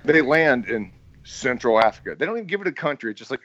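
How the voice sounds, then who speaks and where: A man's voice: medium pitch, big pitch swings, fast talker, fairly bright tone, dry recording, dull audio. A man co-hosting a podcast in casual chat about a movie, sarcastic and contrarian, joking as he goes. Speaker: podcast co-host.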